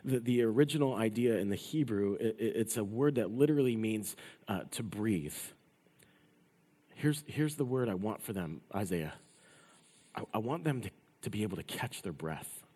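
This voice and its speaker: A male pastor preaching a sermon, rising to loud emphatic passages and dropping to hushed endings. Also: on the low side, expressive, normal speed, husky. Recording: long reverb of a large hall.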